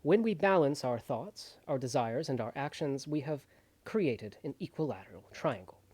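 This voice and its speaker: An audiobook reader losing their voice and energy, reading a nonfiction text in a plain, steady way with brief asides. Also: mid-range voice, moderate pace, husky.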